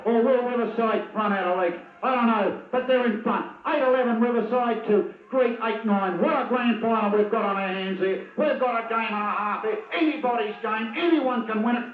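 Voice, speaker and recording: Australian male footy commentator, very high voice, excitable and biased, on a lo-fi, roomy 1980s tape. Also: normal speed, few pauses. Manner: openly biased, excitable, chatty. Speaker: match commentator. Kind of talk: live football commentary. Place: at a football ground. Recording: tinny, echoey 1980s video tape.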